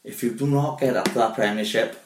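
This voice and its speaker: A man's voice: medium pitch, fairly quick, recorded from a distance, slight background noise. Male podcast co-host, loose sweary storyteller, a bit off-mic in a roomy space. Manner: sweary storytelling, acts out quotes. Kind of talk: casual football chat. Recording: echoey room, off-mic.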